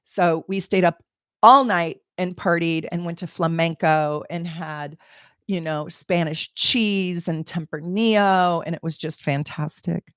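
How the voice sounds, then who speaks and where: A woman's voice: fairly low pitch, measured pace, clean tone, no room sound. Woman, middle-aged, astrologer host, casual storytelling, emotional, exclaiming, dry close sound. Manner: animated, emotional, laughs and exclaims. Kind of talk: casual personal storytelling to camera.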